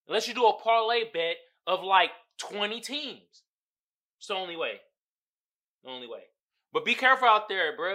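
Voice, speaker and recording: A man riffing on his own podcast in loose, slang-heavy, profane chat. His voice sounds bright and forward, and his pitch swings widely as he gets worked up. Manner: animated, slangy and profane, often breaking into laughter. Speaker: podcast host. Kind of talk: casual podcast commentary.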